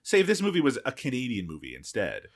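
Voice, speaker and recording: A man co-hosting a film podcast, relaxed and laughing easily, hedging with filler phrases. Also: medium pitch, quick pace. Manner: relaxed, laughs easily, hedges with "you know". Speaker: podcast co-host. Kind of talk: casual film review chat.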